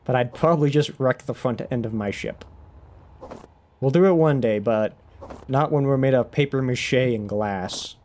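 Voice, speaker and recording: A man's voice: medium pitch, normal speed, a little mellow, slight background noise. A young man chatting casually while live-streaming a game, rambling, restarting his sentences and laughing often.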